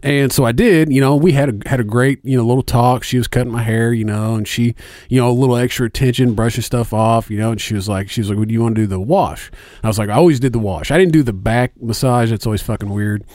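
A man's voice: mid-range voice, fairly even intonation, fast, a little mellow, dry recording, studio quality. A middle-aged man chatting casually as a podcast co-host, rambling through stories with many fillers and heavy swearing. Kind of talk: casual chat.

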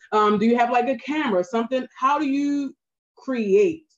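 A woman's voice: on the high side, a little slow, highs cut off. Baltimore-accented woman photographer giving advice. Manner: earnest, advice-giving, frequent "right?" asides. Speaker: photographer guest. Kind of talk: casual podcast interview.

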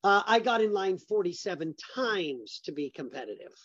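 A man's voice: high voice, very animated, moderate pace, a bit bright, dry recording, dull audio. A middle-aged man, a business founder, telling personal stories as an interview guest, stressing points by repeating words.

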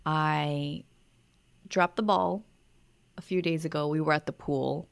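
A woman co-hosting a podcast, telling a parenting story in a reflective, soft-spoken way. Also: low voice, steady tone, slow pace, vocal fry, clear, resonant tone. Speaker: podcast co-host. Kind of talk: casual conversation.

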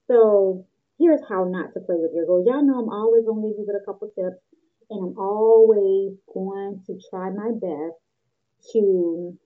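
A woman hosting a motivational podcast, energetic and excitable, talking straight to her listeners. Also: mid-range voice, slightly rough. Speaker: podcast host. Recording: tinny phone-like sound.

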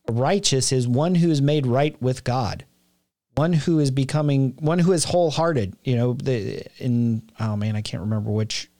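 A man's voice: medium pitch, mellow, dry recording, studio quality. A man co-hosting a casual faith podcast, reflective and quoting scripture as he talks. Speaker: podcast co-host.

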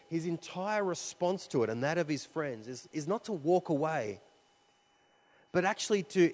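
A man delivers a sermon in a loose, storytelling way, full of fillers and restarts. His voice sits a little on the high side. The recording carries a long reverb, as in a large hall. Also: a little mellow. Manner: conversational, with frequent fillers and restarts. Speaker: preacher.

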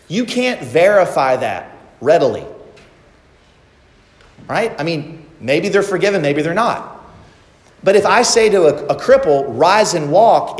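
A man with a fairly high voice preaches in an earnest, deliberate way, drawing out his key words. His voice rings through a large, reverberant church hall with a long echo. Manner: earnest preaching, slows down for emphasis. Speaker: pastor. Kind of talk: sermon.

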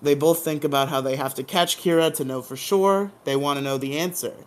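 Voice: mid-range voice, fairly quick. A podcast co-host giving a casual, playful recap of a drama episode, humming dramatic sound effects and laughing along the way.

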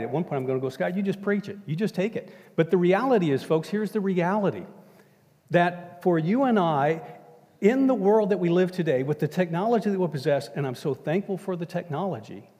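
A man's voice: fairly high pitch, mellow. A middle-aged man preaching a sermon as pastor, emphatic and repeating "folks" as he addresses the congregation. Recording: long hall reverb.

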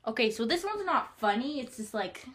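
A woman with a high, bright and very lively voice chats slowly and playfully, laughing often. She acts out the lines of little stories, swinging her pitch widely between the speakers. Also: a little hiss or hum. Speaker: co-host. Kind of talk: casual chat, reading stories aloud.

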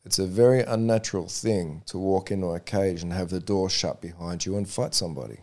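A man's voice: low voice, a little fast, darkish tone. A man, a referee guest talking frankly and easily, often repeating words as he thinks. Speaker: MMA referee, interview guest. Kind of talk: casual interview chat.

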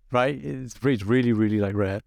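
A young man co-hosting a podcast, telling stories in a casual, energetic and animated way. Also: lowish voice, moderate pace, vocal fry, no echo, clean studio sound. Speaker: podcast co-host. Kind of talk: casual chat.

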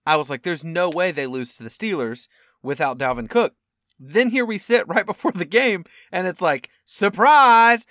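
A young man co-hosting a football podcast in casual chat, animated and acting out quotes with sudden loud outbursts. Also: on the high side, no room sound, studio quality. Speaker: podcast co-host.

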